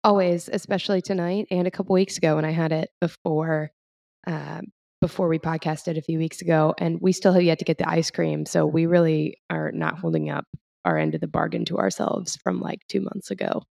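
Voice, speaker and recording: A woman's voice: low voice, brisk, gravelly, darkish tone, dry recording. A young woman co-hosting a podcast, chatting in an upbeat, rambling way and laughing often. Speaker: podcast co-host. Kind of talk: casual chat.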